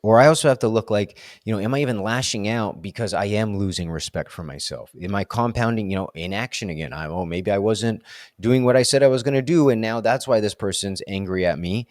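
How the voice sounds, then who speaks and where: A man with a lowish voice speaks fairly quickly, in clean studio audio without room sound. His candid solo vlog is a reflective monologue, rambling and self-questioning, heavy on "like" and "right?".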